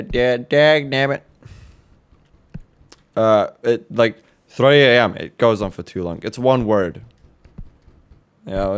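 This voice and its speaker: A man casually commenting while playing a horror game, joking, reacting fast and swearing now and then. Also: lowish voice, clean tone. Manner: jokey, swears, quick reactions. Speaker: let's play host.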